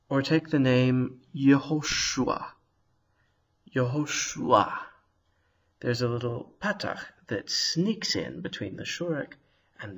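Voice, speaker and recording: Slow, lively-voiced man teaching Hebrew. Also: medium pitch, husky. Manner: slow, careful sounding out of words. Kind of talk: video lesson.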